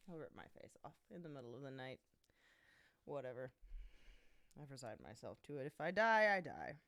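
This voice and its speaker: A woman streamer chatting casually at home, playfully scolding her cat, with loud outbursts and low mutters. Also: very animated, moderate pace, long pauses. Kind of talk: casual live-stream chat.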